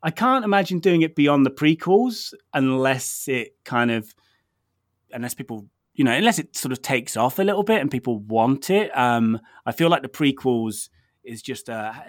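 A man's voice: medium pitch, expressive, normal speed, dry recording. Rambling English man, dry close sound. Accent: English, lived in London. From England, near Birmingham. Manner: rambling, self-deprecating, many fillers and restarts. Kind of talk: casual chat.

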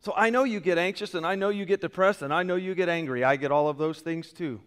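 A man preaching a sermon as pastor, animated, acting out quoted excuses, his voice swinging from loud peaks to quiet drops. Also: sits high, fast talker, clean tone. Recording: long reverb of a church hall.

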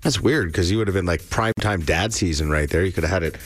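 A man's voice: low voice, fast talker. A man co-hosting a morning radio show, chiming in with dry wisecracking asides. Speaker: radio co-host. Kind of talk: casual radio banter.

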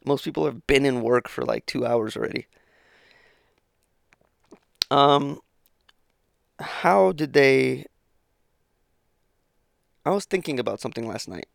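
Alone on his podcast, a man with a creaky, gravelly, medium-pitched voice wanders from one thought to the next, cursing freely and often cutting himself off. He talks slowly with long pauses, sounding drowsy as he yawns, trails off, and starts sentences over. The recording is dry and close-miked, with no room sound at all.

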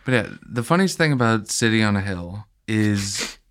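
A man's voice: lowish voice, animated, moderate pace, fairly bright tone, smooth. A man co-hosting a podcast, chatting casually with a sarcastic, mocking tone. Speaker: podcast co-host. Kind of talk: casual comedic chat.

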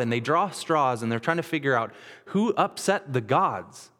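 A man's voice: medium pitch, lively intonation, moderate pace, a bit bright. Man preaching in a reverberant hall. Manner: casual storytelling retelling of scripture. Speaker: pastor. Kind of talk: sermon.

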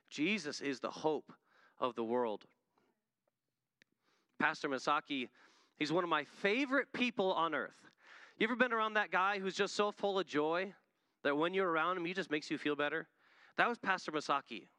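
Earnest preacher, man, fairly high voice, builds to emphatic peaks mid-sermon. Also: pushed and bright, no echo. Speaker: missionary preacher.

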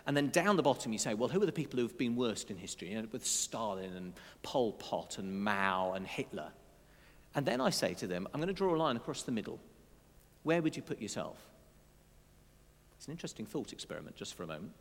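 A man's voice: lowish voice, sing-song, brisk. A man preaching a sermon in a conversational way, with asides and dry humour. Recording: long hall reverb.

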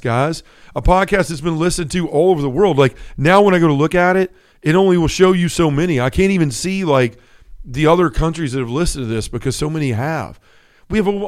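A middle-aged man hosts a faith podcast and speaks earnestly in an unscripted, conversational testimony. His voice sits a little high for a man. He leans on casual fillers like "like" and "right?" as he talks. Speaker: podcast host. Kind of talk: Catholic faith talk, personal testimony.

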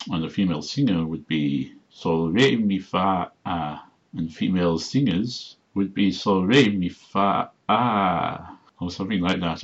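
A man hosting a solo podcast, methodically explaining a constructed language and reading out word examples slowly. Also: sits low, lo-fi sound. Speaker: podcast host.

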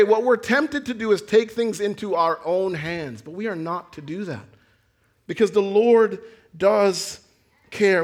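A man preaching a sermon, earnest, swinging from raised, near-shouted lines down to quiet ones. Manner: earnest preaching, rising to near-shouts then dropping low. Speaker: pastor.

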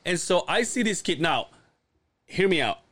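A man's voice: sits high, expressive, moderate pace, fairly bright tone. A man co-hosting a podcast, telling a story in casual chat, swearing and acting out the lines of the people in it. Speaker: podcast co-host.

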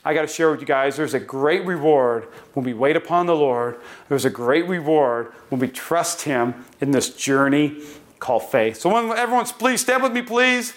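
High-voiced earnest man preaching. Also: fairly quick, a bit bright. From North Dakota. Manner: earnest, repetitive, pleading. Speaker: pastor. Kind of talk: sermon. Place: church building.

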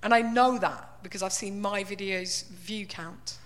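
A woman's voice: mid-range voice, fairly even intonation, slow pace, a bit bright. A woman giving a wry, conversational stand-up style talk full of "like" and "right?". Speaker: comedian.

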